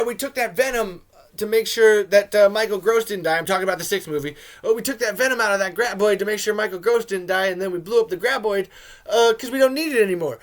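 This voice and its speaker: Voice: mid-range voice, fairly bright tone. A host giving casual, sarcastic commentary over a film, ranting, swearing often and trailing off.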